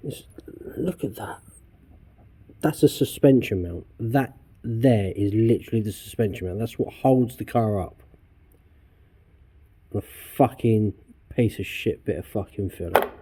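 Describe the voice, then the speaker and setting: A man's voice: lowish voice, unhurried, long pauses, dark tone, husky. Angry sweary man in workshop. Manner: angry ranting, heavy swearing. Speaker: car restorer. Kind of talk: workshop vlog. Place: garage workshop.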